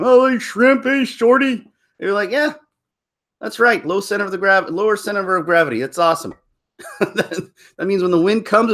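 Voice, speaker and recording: A man talking through his opinions in a casual vlog, rambling with many restarts and laughing at his own jokes. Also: medium pitch. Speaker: YouTube commentator.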